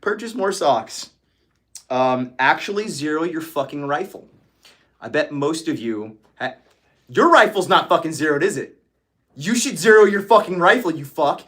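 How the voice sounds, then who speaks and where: A man's voice: a little high, very animated, moderate pace, a bit bright. A man hosting a casual livestream chat, ranting with lots of swearing and laughing often. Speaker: livestream host.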